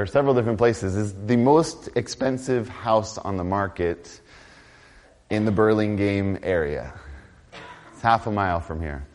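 Animated man preaching a sermon. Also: medium pitch. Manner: animated, conversational preaching with swings from loud to quiet. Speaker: pastor.

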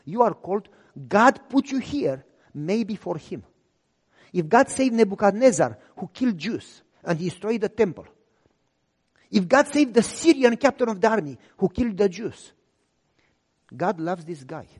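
A man voicing his earnest wife as she calmly and firmly urges him. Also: high-pitched, measured pace, slightly rough, in a large hall, full character voice. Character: earnest, steady wife giving firm advice.

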